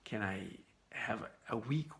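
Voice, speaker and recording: A man voicing a desperate young groom who pleads haltingly for more time, within a story he is telling. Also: on the low side, fairly bright tone. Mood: pleading.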